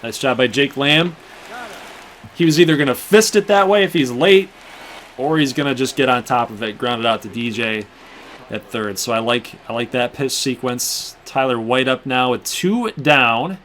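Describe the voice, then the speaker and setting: A young man gives casual, running play-by-play as he plays a video game, chatting freely with his viewers. His pitch sits in an ordinary middle range, and a faint hiss runs under the voice. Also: normal speed, a bit bright. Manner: chatty play-by-play, talking to viewers while playing. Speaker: gaming channel host. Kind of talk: casual gameplay commentary.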